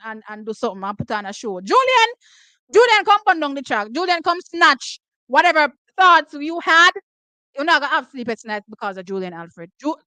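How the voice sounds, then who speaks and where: Hoarse jamaican lady reacting to races, loud and excitable, high sharp voice. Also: no echo, poor audio. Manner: excitable, loud exclamations, switching between patois and English. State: hoarse, losing her voice. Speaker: track and field watch-party host. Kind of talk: live race reaction commentary.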